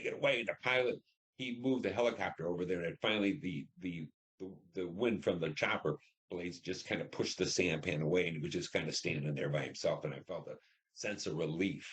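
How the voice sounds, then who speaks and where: Deep-voiced older man recounting war memories. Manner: vivid storytelling, acts out radio dialogue. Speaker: Vietnam veteran interviewee. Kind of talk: oral history interview.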